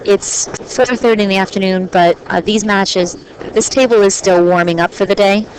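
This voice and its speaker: A woman's voice: medium pitch, fairly even intonation, normal speed. A woman giving chatty, lighthearted play-by-play commentary on a pool match, with plenty of ums. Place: pool hall. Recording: noisy live-stream audio.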